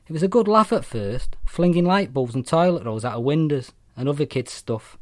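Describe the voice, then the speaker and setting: A man with a Mancunian accent reading a short story aloud, blunt, profane and wry in a deadpan way. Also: mid-range voice, no room sound, studio quality. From Manchester, England.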